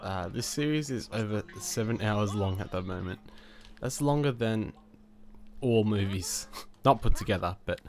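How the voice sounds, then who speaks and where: A man with a fairly low voice, stuffed up from a cold, rambles through casual gameplay commentary. He chuckles often and trips over restarts and fillers. Faint music plays under his talk. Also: a little slow. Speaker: gaming channel host. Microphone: new desk microphone.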